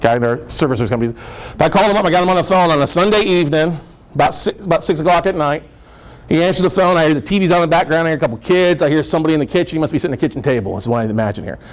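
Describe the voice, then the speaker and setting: A man giving a storytelling talk to an investor meetup, animated and quick to joke. His voice sits fairly high. He laughs often between points. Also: low-quality recording. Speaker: speaker at a real estate investor meetup. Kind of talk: storytelling presentation.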